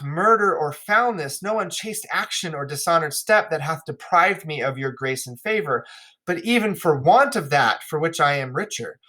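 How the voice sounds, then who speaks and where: Man reading wronged princess, steady pleading verse, bright tone. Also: fairly high pitch. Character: young princess, dignified and wronged. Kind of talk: classroom read-aloud.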